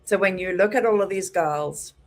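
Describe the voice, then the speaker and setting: A middle-aged woman teaching a hairdressing class, animated and acting out her clients with lively exclamations. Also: lowish voice, moderate pace. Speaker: hairdressing educator.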